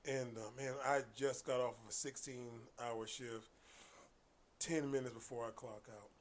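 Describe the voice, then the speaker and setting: A man's voice: mid-range voice, a little slow, slight background noise. A man, a martial arts coach, telling stories casually as a guest and acting out the people in them, sometimes dropping to a whisper. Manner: animated, acts out voices, drops to whispers. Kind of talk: casual storytelling.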